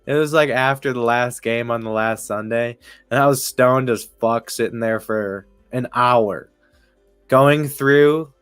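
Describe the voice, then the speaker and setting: A man's voice: medium pitch, unhurried, fairly bright tone, clean tone, dry recording, soft background music. A man streaming casual live baseball commentary, rambling, swearing often and laughing as he talks. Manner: rambling, profane, laughs while talking. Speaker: sports streamer.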